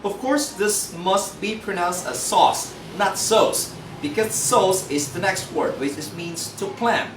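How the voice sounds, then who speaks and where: A man's voice: high-pitched, slow. A man with a Filipino accent teaching English pronunciation in a tutorial, spelling words out letter by letter and repeating the model sounds. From Philippines. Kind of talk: recorded tutorial lesson. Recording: roomy, distant mic with faint noise.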